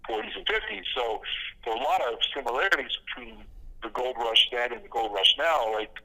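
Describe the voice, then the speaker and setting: Bright-voiced man telling rambling stories. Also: medium pitch, animated, a little fast, vocal fry, poor audio. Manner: rambling storyteller, many fillers and restarts, laughs at own jokes. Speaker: podcast guest, comic creator. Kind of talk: casual interview talk.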